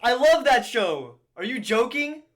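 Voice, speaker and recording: A man's voice: very high voice, very animated, measured pace, fairly bright tone, exaggerated voice. An actor playing an awkward, overly literal young man with a stilted way of talking. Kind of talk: indie comedy film acting.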